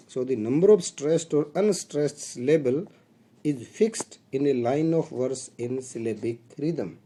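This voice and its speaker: A middle-aged man with an Indian English accent giving a recorded video lecture to literature students. He speaks deliberately, repeats his points, fills pauses often and calls the students dear friends. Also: mid-range voice, mellow.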